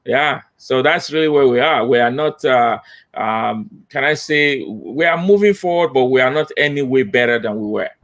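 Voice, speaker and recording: A man's voice: mid-range voice, moderate pace, a bit bright. A man speaking as a guest consultant on a panel, emphatic and repetitive with hesitant fillers. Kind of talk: panel discussion.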